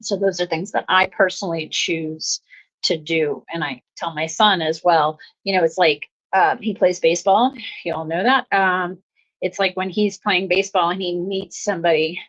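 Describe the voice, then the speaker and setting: A woman's voice: lowish voice, fairly even intonation, normal speed, fairly bright tone. A middle-aged woman hosting a casual self-help talk, speaking earnestly and often repeating her phrases. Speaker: host. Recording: slightly dull lo-fi audio.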